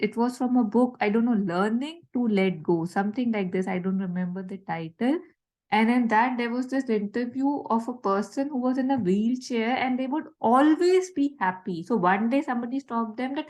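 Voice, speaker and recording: Indian woman, slightly high voice, musing study-circle speaker, mixes in Hindi. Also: normal speed, darkish tone. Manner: musing, mixing English with Hindi. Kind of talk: reflective spiritual talk.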